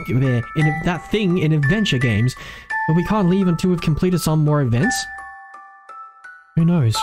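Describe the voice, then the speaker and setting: A woman streams a game playthrough, reading its lines aloud and rambling between them. She stumbles and corrects herself often, and her pitch swings lively up and down. Game music runs under her voice. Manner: rambling, self-correcting, laughs at own slips.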